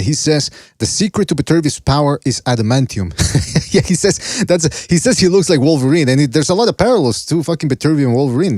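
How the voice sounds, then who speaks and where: A man's voice: medium pitch, dry recording, clean studio sound. A man hosting a boxing podcast in casual chat. He talks in a brash, loose way, swears freely and walks viewers through fight clips. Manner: brash, swears, gives shout-outs.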